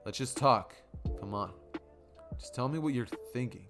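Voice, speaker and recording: A man voicing a tired, gruff adult male teacher who talks in a low, quiet, matter-of-fact way over background music. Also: lively intonation, moderate pace, lightly acted. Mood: weary, steady.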